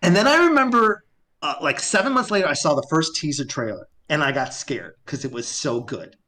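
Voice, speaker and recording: A man's voice: a little high, big pitch swings, brisk, bright, forceful tone. A man telling a story as a guest on a live-streamed talk show. He acts out both sides of remembered conversations and laughs often as he goes. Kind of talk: animated storytelling in casual talk.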